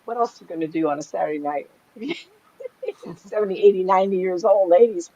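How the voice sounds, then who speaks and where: A woman's voice: fairly low pitch, fairly quick, mellow. A middle-aged woman, a psychic medium, telling stories in a casual chat and laughing often. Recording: slightly dull lo-fi sound.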